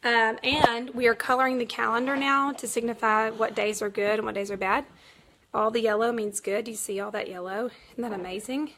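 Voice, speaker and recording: A woman in her thirties talks casually to camera at home, laughing through a story with lots of fillers. Her voice is high and bright. There is faint noise in the background of the home recording. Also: steady tone, a little fast. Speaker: mother vlogging. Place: home, kids nearby.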